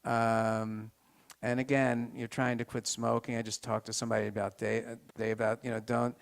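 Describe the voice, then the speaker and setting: A man giving an informal health talk to a live group, halting with many restarts and turning to the audience with questions. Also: medium pitch, flat delivery, gravelly.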